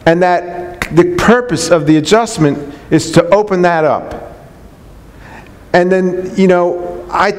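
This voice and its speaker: A man, a chiropractor, giving an unscripted and enthusiastic talk to colleagues, repeating his points with earnest conviction. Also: high-pitched. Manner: earnest, repetitive, enthusiastic preaching tone with restarts. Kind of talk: unscripted talk to a live audience. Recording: long hall reverb.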